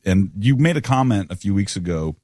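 A middle-aged man with a lowish voice chats easygoingly as a podcast co-host. He rambles and restarts his sentences. The sound is dry and close to the mic. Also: expressive, fairly quick, darkish tone, no echo. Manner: rambling, self-correcting, easygoing. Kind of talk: casual conversation.

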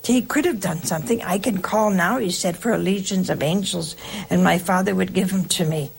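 A woman hosting a religious call-in show, giving an earnest, reflective spiritual talk in slow, emphatic parallel phrases. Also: on the low side, creaky.

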